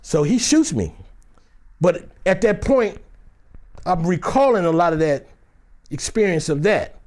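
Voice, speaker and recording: Older man, actor, high-ish voice, lively rising and falling pitch, acts out the quotes. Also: a little slow. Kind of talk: casual anecdote.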